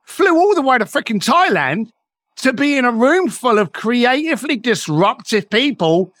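A man's voice: extremely high pitch, big pitch swings, normal speed, a bit bright, dry recording. A middle-aged man, a podcast guest telling motivational stories in an emphatic way and swearing freely. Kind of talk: motivational storytelling.

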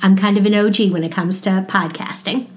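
A woman's voice: mid-range voice, steady tone, a little fast, darkish tone. A woman from New York with a Brooklyn accent, a marketing guest telling stories in upbeat, chatty interview talk. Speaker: podcast guest, marketing educator. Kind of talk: casual interview chat.

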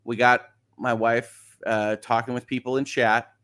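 A man's voice: mid-range voice, little pitch movement, unhurried, pushed and bright. A middle-aged man hosting a casual morning livestream, reading viewer comments aloud and chatting about them with frequent laughs. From Michigan. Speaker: livestream host.

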